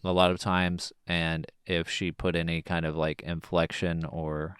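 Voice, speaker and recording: A man co-hosting a podcast who talks about a film in a slow, measured way, with many pauses. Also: deep voice, monotone, a bit bright, clean tone, no echo, clean studio sound. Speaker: podcast co-host. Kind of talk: casual film discussion.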